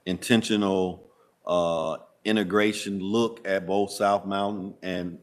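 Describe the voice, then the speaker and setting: A man with a Southern US accent answering board members' questions at a public school meeting, measured and hesitant. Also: deep voice, fairly even intonation. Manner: measured, hesitant with frequent uh fillers. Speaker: school district administrator.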